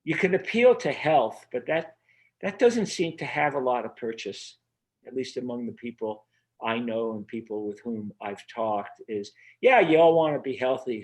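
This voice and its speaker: As the guest of a remote interview, an earnest man speaks at a middling pitch in a casual conversation. He rambles, circles back, and restarts his thoughts, using plenty of fillers.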